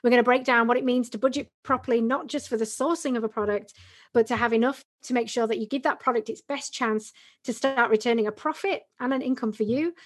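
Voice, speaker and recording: A woman co-hosts a podcast, explaining ideas in a chatty, example-driven way. She keeps checking in with "right?". Her voice sits a little higher than average. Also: steady tone, fast talker. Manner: chatty, uses examples, frequent "right?" tags. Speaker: podcast co-host. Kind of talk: casual explanatory podcast talk.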